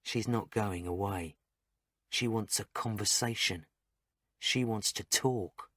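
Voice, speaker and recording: A man reads a first-person story for English learners at a slow, even pace. His short sentences are plain and carefully spaced. The sound is dry and close, with no room echo. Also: fairly low pitch. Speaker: story narrator. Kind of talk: graded reader story narration for English learners.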